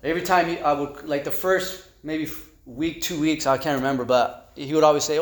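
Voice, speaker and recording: Halting man sharing his story, echoey room. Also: a little high, fairly even intonation. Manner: halting, repeats words, conversational fillers. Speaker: recovery meeting speaker. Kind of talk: personal testimony.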